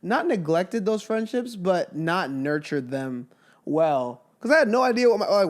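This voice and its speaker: A young man co-hosting a married couple's podcast in casual chat, playful and earnest with quick asides. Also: high voice, lively intonation. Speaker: podcast co-host.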